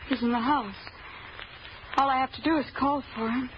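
A woman's voice: high voice, steady tone, moderate pace, close to an everyday voice. A woman playing a sweet small-town girl. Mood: gentle. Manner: gentle curious questions. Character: sweet young small-town woman minding a gas station. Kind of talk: 1940s radio acting. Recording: dull hissy old radio broadcast.

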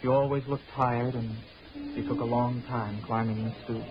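A man's voice: medium pitch, steady tone, normal speed, a crowd in the background. Wistful young man narrating a radio drama. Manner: wistful, gentle. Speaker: narrator and lead actor. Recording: dull old radio recording with music.

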